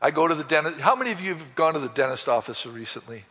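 A man preaching a sermon, folksy and animated, acting out bits of dialogue as he tells stories. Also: fairly high pitch, quick pace, slightly rough. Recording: dull echoey hall from a distance.

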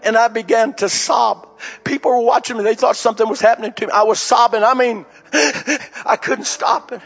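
Male preacher with a high voice, talking candidly to his congregation as he tells a story from his own life; dull recording, faint music. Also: steady tone, fast. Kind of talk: personal story sermon.

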